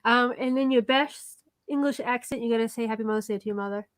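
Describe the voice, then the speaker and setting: A giggly woman hosting a relaxed live stream, reading the chat and asking questions. Her voice is high, and it sounds close and dry. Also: fast talker, no echo. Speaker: host. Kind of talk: casual chat.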